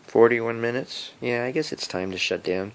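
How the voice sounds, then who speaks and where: A man's voice: medium pitch, normal speed. A middle-aged man rambling to his phone camera, giggling often as he talks. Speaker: vlogger. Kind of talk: rambling casual monologue to camera. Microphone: cell phone camera.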